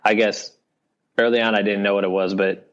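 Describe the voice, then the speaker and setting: Low flat-voiced man from Iowa. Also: brisk, clean tone. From Iowa, US Midwest. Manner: loose rambling talk full of fillers, "you know what I mean". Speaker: guest, video director and creator. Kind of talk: casual podcast interview. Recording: dull lo-fi podcast audio.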